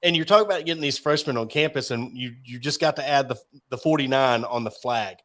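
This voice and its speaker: A man of ordinary pitch hosts a sports podcast in a relaxed, conversational way. His questions ramble along as he builds up to them. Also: fast. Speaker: podcast host. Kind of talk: casual interview talk.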